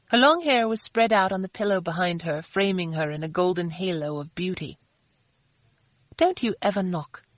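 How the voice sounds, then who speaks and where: Low-voiced woman reading an audiobook. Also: brisk, hardly any pauses, dry recording, lo-fi sound. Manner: steady, even storytelling. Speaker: audiobook narrator. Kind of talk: scripted narration.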